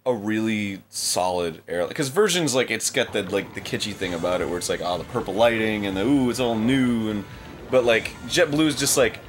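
A man's voice: fairly low pitch, moderate pace. A man co-hosting a casual gameplay show, laid-back and joking, swearing and tossing in little voices and bits. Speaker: co-host.

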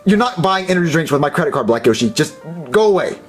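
A man's voice: on the high side, big pitch swings, fast, over music. A man voicing an exasperated, stingy male plumber who nags and scolds. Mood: scolding.

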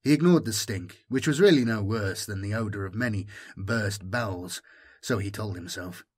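A man narrating a science-fiction audiobook in a steady, even storytelling manner. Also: fairly low pitch, normal speed, breathy edge.

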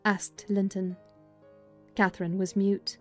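A woman's voice: mid-range voice, faint music behind. Woman reading a classic novel aloud. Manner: measured, expressive storytelling. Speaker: narrator, audiobook reader. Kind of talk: dramatized audiobook reading.

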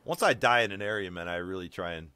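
A male streamer giving casual gameplay commentary, excitable and swearing freely. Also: sits low, fast, a little hiss or hum.

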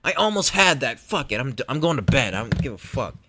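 A young man commentating his racing game run in casual talk, profane and excitable, jumping from yells to low mutters. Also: brisk, noisy background. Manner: profane, excitable, swings between shouting and muttering. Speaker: gameplay commentator. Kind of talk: casual let's play commentary.

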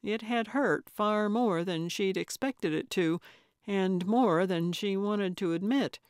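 A woman reads a cozy mystery audiobook at a slow, unhurried pace, measured and even. The studio recording is dry and close, with no room sound at all. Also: mid-range voice, smooth, no room sound. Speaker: audiobook narrator. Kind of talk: scripted audiobook narration.

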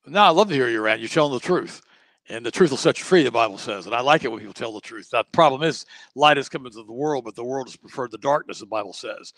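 A man's voice: mid-range voice, expressive, fast talker, fairly bright tone, dry recording. A man speaking as a guest on a talk show, preachy and quoting scripture. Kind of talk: casual chat.

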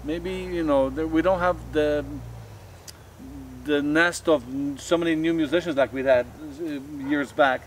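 A man's voice: on the high side, fairly even intonation, measured pace, a little hiss or hum, low-quality recording. A man from Canada, a polka musician, chatting folksily and cutting in during a casual interview.

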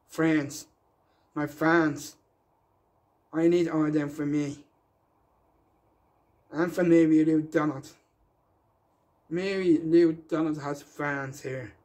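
A man giving a rambling, defiant public rant, emphatic and repeating himself. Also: fairly high pitch.

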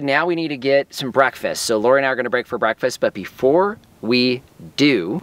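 Male farm vlogger, casual and chatty, mid-pitch, faint outdoor hiss. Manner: relaxed, explaining as he walks, frequent fillers. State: a little out of breath. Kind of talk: casual outdoor vlog narration.

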